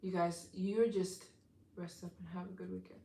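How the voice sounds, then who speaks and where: Sleepy woman on a live stream chatting to viewers, lowish voice, echoey room. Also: little pitch movement, moderate pace, creaky, dark tone, a little hiss or hum. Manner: chatty, thanks viewers for donations. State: tired, yawning. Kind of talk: casual live stream chat.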